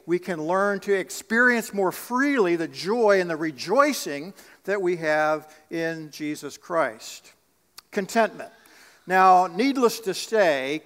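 Pastor guy preaching slow and earnest, highish voice, big echoey church. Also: fairly bright tone. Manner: earnest preaching with rhetorical questions to the congregation. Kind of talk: sermon. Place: church sanctuary. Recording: long reverb of a church sanctuary.

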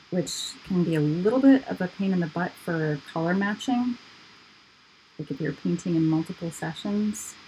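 A woman artist talks her way through a live painting session, chatty and goofy. Her voice sits a little low, with a faint hum of noise underneath. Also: warm tone, low-quality recording. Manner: chatty, goofy, talks to herself as she works. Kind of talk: casual chat while painting.

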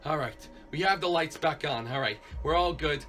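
A man's voice: on the high side, moderate pace, bright, forceful tone, faint music behind. A man voicing a jittery failed cop turned night guard in a hobby plush video, stammering and repeating himself in panic. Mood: frantic.

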